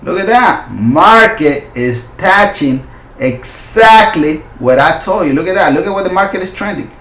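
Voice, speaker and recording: Man, forex stream host, excitable, loud hype bursts, non-native phrasing, slightly high voice, roomy echo. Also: a little slow. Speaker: forex trading channel host. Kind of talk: live market analysis stream.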